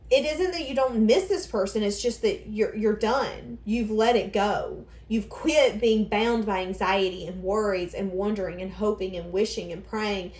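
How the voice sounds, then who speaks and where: A woman's voice: medium pitch, normal speed, few pauses, darkish tone. A woman giving a casual tarot reading, rambling and thinking aloud as she goes. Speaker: tarot reader. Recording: echoey room.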